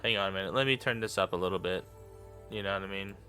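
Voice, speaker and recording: A man giving casual reaction commentary, rambling and repeating himself with lots of fillers, and quick to laugh and get excited. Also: deep voice, faint music behind. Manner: gets excited and laughs easily. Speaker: YouTube commentator.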